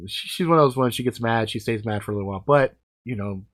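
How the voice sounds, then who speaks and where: Male, 40s, vlogger. Casual, blunt and profane, lively storytelling. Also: medium pitch, quick pace. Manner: blunt, heavy swearing, animated. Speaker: vlogger answering comments.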